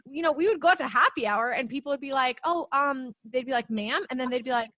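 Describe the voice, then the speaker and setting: A bubbly young adult woman hosting a podcast, telling stories in a lively, animated way in casual chat. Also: high-pitched, quick pace, no room sound.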